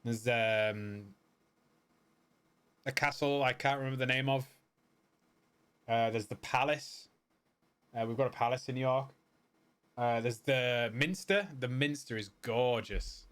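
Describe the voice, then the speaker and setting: A man's voice: medium pitch, unhurried, long pauses, a bit bright, smooth. A man giving casual, rambling gameplay commentary with many fillers and restarts. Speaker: gaming video host.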